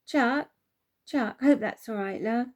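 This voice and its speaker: A woman's voice: a little high, slow, a little mellow. A woman voicing a kindly, motherly older woman in a storybook who fusses affectionately over everyone. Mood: fussing. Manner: fussy, affectionate, calls everyone love.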